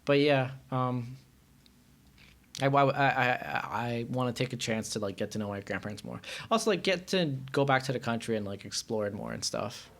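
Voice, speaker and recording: A man from Iran talks as a podcast guest in easygoing, loose conversation. His speech wanders, packed with fillers and restarts, at a middle pitch. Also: moderate pace, gravelly, a bit bright. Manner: rambling, filler-heavy, often says "like". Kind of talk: casual chat.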